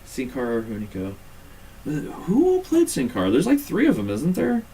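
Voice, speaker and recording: A man co-hosting a casual chat podcast, swearing freely and breaking into quick impressions as he tells stories. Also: medium pitch, breathy edge. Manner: profane, animated, mimics voices mid-story. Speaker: podcast co-host. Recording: distant mic, faint room noise.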